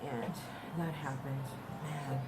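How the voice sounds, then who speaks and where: A young woman telling a personal story in a casual, halting way, often repeating and restarting her words. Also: very deep voice, fairly even intonation, low-quality recording. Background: music.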